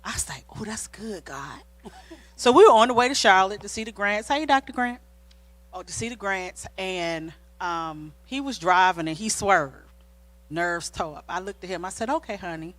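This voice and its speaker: A woman's voice: mid-range voice, moderate pace, no echo. A middle-aged woman co-hosting a church marriage talk, telling a personal story in a casual, sermon-like way and acting out the quoted dialogue. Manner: animated, acts out quoted dialogue. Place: church sanctuary.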